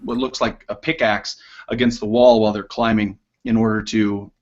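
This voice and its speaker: A man narrating as game master of a tabletop game, in an unhurried, hesitant way with many fillers. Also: on the low side, level tone, muffled recording.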